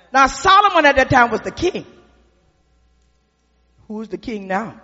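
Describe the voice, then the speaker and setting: A man preaching a sermon in a church. He speaks with folksy repetition that builds to shouted emphasis. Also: very high-pitched, sing-song. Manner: folksy, drawn-out delivery with repetition. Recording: dull recording with long hall reverb.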